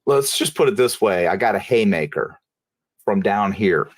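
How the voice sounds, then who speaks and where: A man telling a personal story in an interview, in a casual, halting way, often repeating and restarting phrases. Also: lowish voice, lively intonation, no room sound. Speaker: interview guest.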